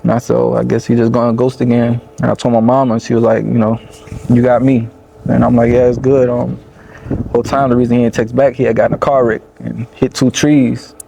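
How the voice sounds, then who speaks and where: Mellow-voiced young Louisiana rapper. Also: male voice, medium pitch, flat delivery, fast talker, creaky. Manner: loose, rambling, lots of "you know what I'm saying". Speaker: rapper being interviewed. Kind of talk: casual storytelling interview. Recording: faint background noise.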